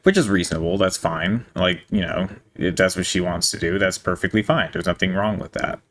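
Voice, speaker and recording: A man's voice: deep voice, fairly quick, fairly bright tone. A young man in casual reaction commentary, reading messages aloud, amused, laughing often and stumbling over words.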